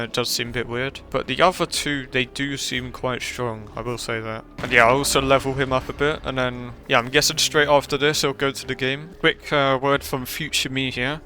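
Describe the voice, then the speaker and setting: A man's voice: mid-range voice, bright, forceful tone. A man giving casual, rambling gameplay commentary with self-deprecating remarks. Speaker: gaming channel host.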